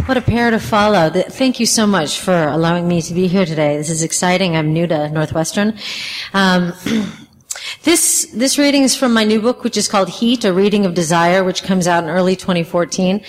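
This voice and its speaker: A woman author reading from her memoir to an audience, wry and expressive. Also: on the low side, fairly quick, in a large hall, slight background noise, low-quality recording. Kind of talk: literary reading.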